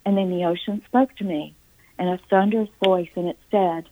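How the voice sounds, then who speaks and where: A middle-aged woman speaks as an interview guest, her voice sitting a little low. She tells her story earnestly, breaking off into halting restarts. She acts out her own past words with drama. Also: steady tone, mellow, a little hiss or hum, poor audio.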